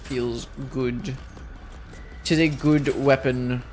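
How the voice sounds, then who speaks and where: A man's voice: medium pitch, steady tone, drawn-out words, darkish tone, soft background music. A young man streaming a video game, sounding exhausted and talking in a rambling, self-deprecating way. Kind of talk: casual gameplay commentary.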